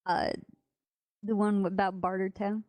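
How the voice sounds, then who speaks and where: A woman's voice: mid-range voice, little pitch movement, measured pace, a little mellow, no echo. Young woman roleplaying, blunt, cusses a lot, dry close mic. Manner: blunt, swears freely. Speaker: streamer playing a role-play character. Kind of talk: casual in-character role-play banter.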